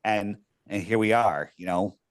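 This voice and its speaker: A man's voice: lowish voice, measured pace, no room sound. A man telling his story as a podcast guest, rambling with lots of fillers and restarts. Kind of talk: casual storytelling.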